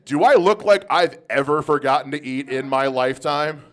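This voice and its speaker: A man's voice: on the high side, fairly even intonation, normal speed. A man doing a stand-up comedy set, self-deprecating about his cat, dating and weight.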